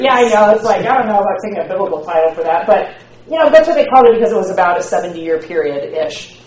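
Woman teacher, casual and slangy lecture, mid-pitched, muffled echoey classroom recording. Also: a little mellow, slight background noise. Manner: chatty and slangy, with many fillers.

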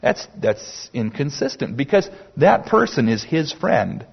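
A man preaching a sermon slowly and emphatically, with dramatic pauses. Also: mid-range voice, sing-song, gravelly, husky. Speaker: pastor. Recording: dull lo-fi sermon recording.

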